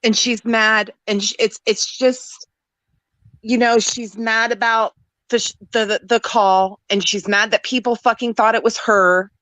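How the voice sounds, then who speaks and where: Livestream guest, woman, somewhat high pitch, dry close sound, angry profane venting. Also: steady tone, unhurried, fairly bright tone, dry recording, poor audio. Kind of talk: upset livestream chat.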